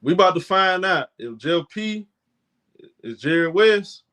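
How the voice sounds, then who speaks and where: High-pitched, animated and unhurried, his fairly bright voice carries a live sports reaction stream he co-hosts. The young man debates players in emphatic slang and ridicules critics with put-on voices.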